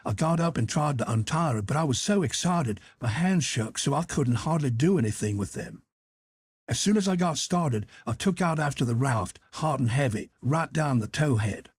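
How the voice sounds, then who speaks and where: A man narrating an audiobook in the first person, steady storytelling in old-fashioned dialect. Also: medium pitch, moderate pace, slightly rough, no echo.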